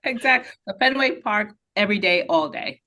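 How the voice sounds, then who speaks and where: A woman's voice: mid-range voice, expressive, normal speed, sharp tone. A woman guest on a podcast, chatting in an upbeat, laughing way. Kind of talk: casual chat.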